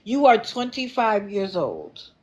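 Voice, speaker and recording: Slow, sassy woman streamer. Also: mid-range voice. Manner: animated, sassy, talks back to chat. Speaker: livestream host. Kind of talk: casual livestream commentary.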